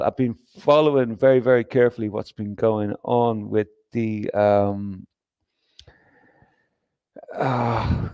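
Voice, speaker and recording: A man's voice: on the low side, steady tone, takes it slowly, pauses often, warm tone, clear, resonant tone, dry recording, highs cut off. A man hosting a livestream, talking in a rambling, profane, emphatic way with frequent restarts and reading comments from chat. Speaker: livestream host.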